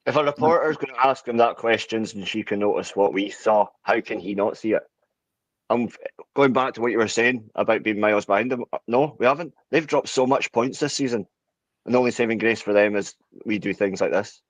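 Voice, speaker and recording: A man's voice: on the low side, brisk, no echo. A man co-hosting a podcast, arguing his point with frustration. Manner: frustrated, argumentative. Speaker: podcast co-host. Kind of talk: casual chat.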